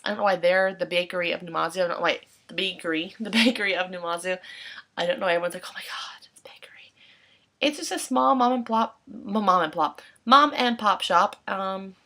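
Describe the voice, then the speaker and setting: A woman's voice: medium pitch, creaky, sharp tone. A young woman in her twenties, chatting casually into her laptop webcam at home at night, rambling and correcting herself as she goes. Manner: rambling, self-correcting, chatty with quoted asides. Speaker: English teacher in Japan. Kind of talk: casual vlog chat.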